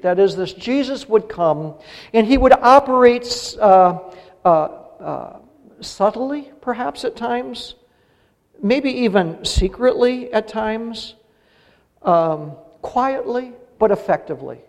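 A man's voice: high-pitched, lively intonation, takes it slowly. A middle-aged male pastor preaching a sermon, earnest and building to emphatic peaks on key phrases. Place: church sanctuary. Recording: long reverb of a church hall.

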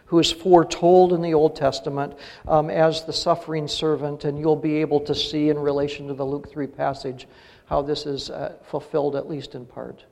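Gravelly-voiced pastor preaching in a hall. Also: male voice, fairly high pitch, little pitch movement, moderate pace, a little mellow. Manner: earnest, rises to emphatic peaks on key phrases. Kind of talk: sermon. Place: church sanctuary. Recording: long reverb of a church hall.

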